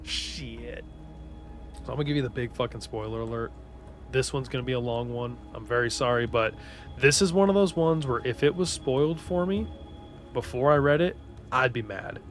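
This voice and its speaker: Excitable, foul-mouthed man recapping a story. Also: medium pitch, moderate pace, soft background music. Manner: profane, excitable, rambling with restarts. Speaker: book recap host. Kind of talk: casual spoiler-heavy story recap.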